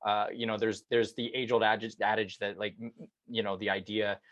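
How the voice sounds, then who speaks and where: A male podcast host with a lowish voice, recorded close and dry. He lays out his views emphatically, leaning on fillers like "right" and "you know.". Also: level tone, fairly quick, a bit bright, dry recording. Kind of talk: casual podcast conversation.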